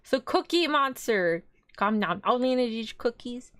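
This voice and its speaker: A woman's voice: fairly high pitch, animated, a little slow, a bit bright, dry recording, studio quality. A young woman streaming live as a vtuber, chatting casually in a rambling, giggly way.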